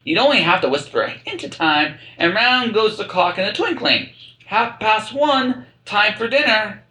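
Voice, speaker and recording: A man's voice: high voice, lively intonation, moderate pace, bright, forceful tone, echoey room, pitched above the performer's own voice. A man voicing the Mad Hatter, a moody and contemptuous man who grumbles and drags his words mournfully.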